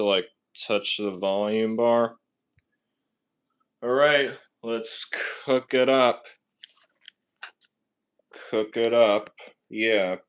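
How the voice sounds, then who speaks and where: A man talks into his phone camera in his home kitchen, his voice sitting on the low side. He speaks slowly and loosely, drifting between asides and repeating himself in a casual livestream ramble. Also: fairly bright tone, rough recording. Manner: rambling, repeats phrases, self-conscious asides. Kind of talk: casual livestream chat while cooking.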